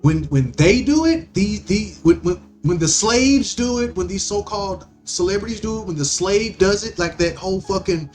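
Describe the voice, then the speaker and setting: A man's voice: high voice, moderate pace, few pauses, a little mellow, soft background music. A man hosting a podcast, ranting in a profane, rambling monologue full of stammering restarts. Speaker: podcast host.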